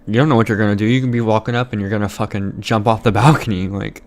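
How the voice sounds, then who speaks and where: A young man with a low voice speaks in loose, casual podcast chat. He rambles through stories, leaning on "like" and dropping casual swears. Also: fairly even intonation, fast. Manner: rambling storytelling, heavy filler "like", swears casually. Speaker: podcast co-host.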